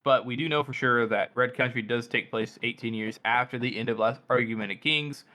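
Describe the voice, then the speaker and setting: A man's voice: medium pitch, fairly quick, pushed and bright. A man co-hosting a podcast who explains a timeline carefully and hedges with many fillers. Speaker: podcast co-host. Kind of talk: casual book discussion.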